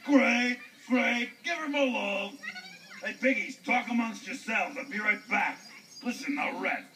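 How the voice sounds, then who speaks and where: A man's voice: extremely high pitch, sharp tone, recorded from a distance, a little hiss or hum, exaggerated voice, low-quality recording. A man voicing a goofy, forgetful male wolf in a children's puppet show, cackling and drawing out his words. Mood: chummy. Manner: cackling, drawn-out, showy.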